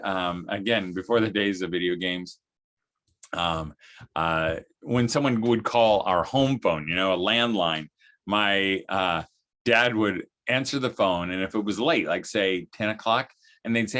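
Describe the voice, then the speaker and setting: A middle-aged man giving a casual, animated talk on parenting, acting out quotes from his family in high voices. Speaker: speaker on parenting.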